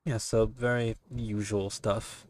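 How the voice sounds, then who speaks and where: Low-voiced, joking male streamer. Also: little pitch movement, takes it slowly. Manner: joking, loose, swears casually. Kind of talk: casual stream commentary while reading game text.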